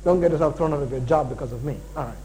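A man preaching a sermon as pastor, animated and full of jokes and asides. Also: fairly high pitch, very fast, a little hiss or hum, rough recording.

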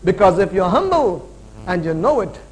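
A man in his forties preaching a sermon with a high, lively voice that climbs and drops all over. He swings from loud, punchy emphasis to hushed, drawn-out points. A faint hum sits underneath. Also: rough recording. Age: 40s. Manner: animated preaching with rising and falling emphasis.

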